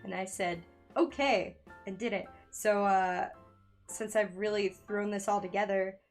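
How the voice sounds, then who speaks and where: A young woman chats on a home live stream. Her pitch sits in the middle, and she talks in a nervous, giggly, scattered way while she draws. Faint music plays behind her. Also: level tone, moderate pace. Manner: nervous, giggly, loses her train of thought. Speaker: streamer and digital artist. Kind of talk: casual live-stream chat while drawing. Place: home room by a window. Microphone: studio microphone in a makeshift home setup.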